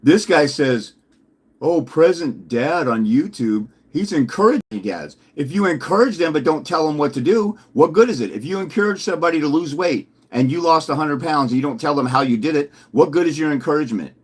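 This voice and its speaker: A man's voice: fairly high pitch, fast, few pauses, breathy edge. A man giving a combative, mocking commentary, repeating his put-downs as he builds his case. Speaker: fathers' rights consultant. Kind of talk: ranting commentary video.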